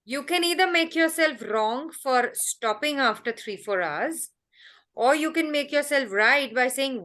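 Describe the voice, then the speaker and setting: A middle-aged woman answers questions as a coach. Her voice sits high and she talks with animated energy, acting out quotes in small put-on voices. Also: a little slow. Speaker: host and happiness coach. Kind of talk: coaching answers on a group call.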